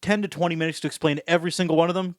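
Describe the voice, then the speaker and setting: A young podcast co-host who rambles, stacks up filler words and drops in wry, profane jokes. His voice sits a little high for a man. The recording is close and dry. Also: steady tone, rapid-fire, dry recording. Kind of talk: casual chat.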